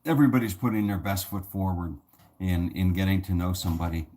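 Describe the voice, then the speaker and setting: A man with a very low voice rambles through a casual vlog monologue. He leans on fillers and restarts, wandering from thought to thought. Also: a little fast, warm tone. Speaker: vlogger.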